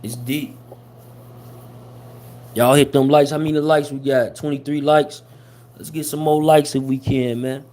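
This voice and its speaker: A man's voice: medium pitch, steady tone, a little slow, long pauses, mellow. A man hosting a casual livestream, talking loosely with lots of slang and fillers. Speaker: host of a hip-hop gossip livestream.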